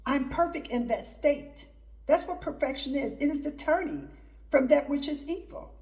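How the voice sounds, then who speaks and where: A woman's voice: high voice, lively intonation, moderate pace, a little mellow. A middle-aged woman hosting her own show, giving an emphatic, repetitive preaching talk mixed with personal testimony. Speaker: host.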